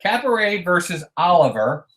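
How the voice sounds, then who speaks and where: A man's voice: sits high, very animated, normal speed, noisy background. A man co-hosting a casual live stream, joking around and greeting viewers by name.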